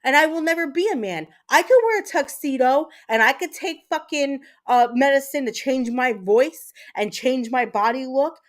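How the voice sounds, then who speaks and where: A woman with a high voice hosts her own livestream. She talks straight to her viewers in an angry, blunt rant and swears freely. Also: normal speed, hardly any pauses. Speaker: livestream host.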